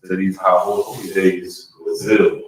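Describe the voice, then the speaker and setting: A low-pitched man reads scripture aloud, slow and measured, with small hesitant fillers. The sound is very echoey and taken from well back. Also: flat delivery, crowd noise. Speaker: congregant reading scripture. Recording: very echoey room, distant mic.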